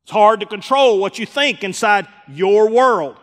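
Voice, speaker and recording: A man preaching a sermon with a high-pitched voice, his words ringing through a long hall reverb. He slips into voices of the people he quotes, rising loud and then falling to a hush. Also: animated, a little slow. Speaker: pastor. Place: church sanctuary.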